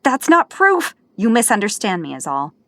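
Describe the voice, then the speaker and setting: A woman's voice: mid-range voice, expressive, moderate pace, dry recording, voice pushed up, natural voice. A woman voicing an embarrassed, protesting young man of eighteen in an audiobook, with faint music behind. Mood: flustered. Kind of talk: audiobook character voice.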